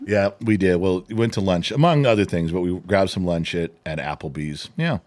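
A man's voice: low voice, normal speed, darkish tone. A middle-aged man co-hosting a podcast in casual chat, telling stories animatedly, mimicking voices and swearing. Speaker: podcast co-host.

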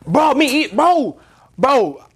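This is a young man with a notably high-pitched voice, chatting casually among friends. He tells his stories with animated energy and breaks into laughs as he goes. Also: slow pace, slightly rough. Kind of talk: casual chat.

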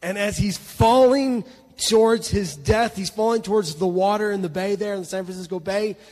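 A man preaching a sermon, telling a story with heavy repetition and sudden drops from loud to hushed. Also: high voice, normal speed, long reverb tail. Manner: emphatic, repeats words, swings between loud and hushed. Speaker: pastor. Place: church hall.

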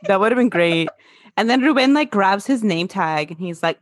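Relaxed woman chatting in a dry room. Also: medium pitch, moderate pace, no echo. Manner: relaxed, agreeable, lots of yeahs. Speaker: podcast co-host. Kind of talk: casual chat.

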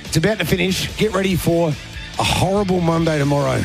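A man's voice: a little high, a little fast, creaky, faint music behind. Joking Australian radio host man. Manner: joking, rambling storyteller. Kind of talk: casual radio banter.

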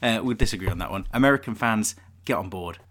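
A man hosts a casual podcast chat, joking around and laughing often. His voice sits a little low. He keeps the talk relaxed and playful. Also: fast. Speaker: podcast host.

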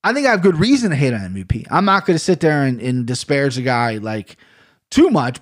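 A man's voice: mid-range voice, very animated, brisk. A man hosting a solo podcast in a casual, rambling way, swearing freely and often tacking "right?" onto his points. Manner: rambling, profane, keeps adding "right?". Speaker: podcast host.

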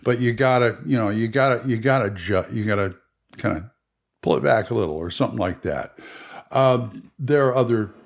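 A man's voice: mid-range voice, normal speed, gravelly. A man hosting a podcast, giving casual advice on running tabletop games in a rambling way with many restarts. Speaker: game master podcaster.

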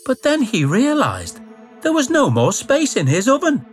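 A storyteller reading a children's picture book aloud with playful, expressive delivery and sound words. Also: medium pitch, measured pace. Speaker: narrator. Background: children's music.

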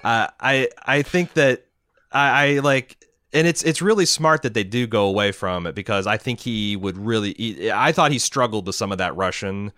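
A man's voice: fairly low pitch, moderate pace, sharp tone, no echo, studio quality. A man co-hosting a casual film discussion, rambling and enthusiastic, with many restarts. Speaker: podcast co-host.

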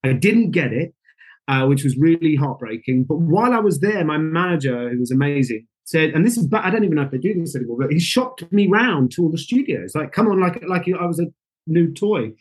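A man, a guest, telling stories from his acting career in a casual interview, animated and acting out his own reactions. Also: on the high side, fairly quick, breathy edge, rough recording. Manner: animated, acts out quoted reactions. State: getting emotional.

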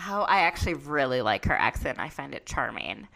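A woman hosting a podcast, chatty and quick to giggle as she tells stories. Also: a bass voice, big pitch swings, creaky, fairly bright tone. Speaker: podcast host. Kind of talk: casual chat about reality TV.

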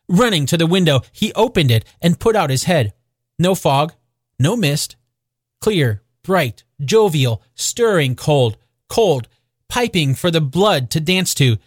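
Man, audiobook narrator, expressive measured storytelling, slightly high voice, dry close recording. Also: no room sound. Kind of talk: audiobook narration of a classic novel.

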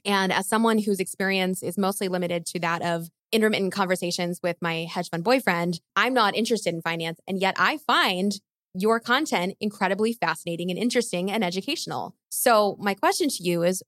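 A woman's voice: mid-range voice, fairly quick, fairly bright tone, no room sound, studio quality. A woman asking a question in an earnest, effusive way. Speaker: audience member asking a question. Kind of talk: conversational question.

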